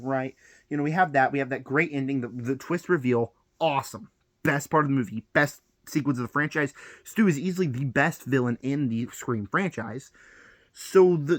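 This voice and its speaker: A man's voice: a little high, a bit bright, no room sound, studio quality. A young man ranting on a film vlog, heated and exasperated, piling up rhetorical questions. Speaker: film vlogger.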